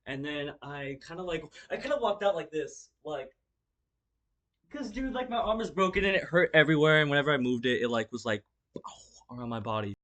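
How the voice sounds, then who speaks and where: A young man with a voice pitched a little high talks straight to camera in a casual storytime vlog. He rambles, restarts his sentences and leans on fillers, swearing freely. He acts the story out with his body as he goes. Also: expressive, brisk, pushed and bright. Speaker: vlogger.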